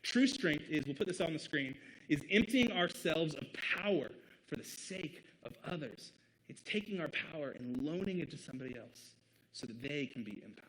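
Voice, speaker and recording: A man's voice: fairly high pitch, rough recording. A man from the American Midwest preaching a sermon as pastor in an earnest, conversational way, with short laughs between points. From Midwest United States.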